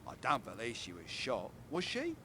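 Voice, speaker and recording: An actor playing a brusque, demanding boat owner. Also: male voice, mid-range voice, huge pitch swings, normal speed, bright, forceful tone, slight background noise. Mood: indignant.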